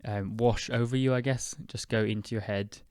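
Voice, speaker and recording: A young British man hosting an English-learning podcast, speaking slowly and clearly in a chatty, relaxed way with fillers. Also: fairly low pitch, no room sound, studio quality. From United Kingdom. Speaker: podcast host and English teacher. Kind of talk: casual spoken lesson.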